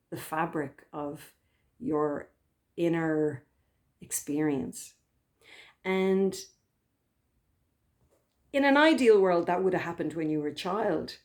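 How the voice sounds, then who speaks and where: A woman therapist, speaking in a gentle, reflective way, with soft pauses and the odd restart. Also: on the low side. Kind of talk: reflective spoken talk to camera.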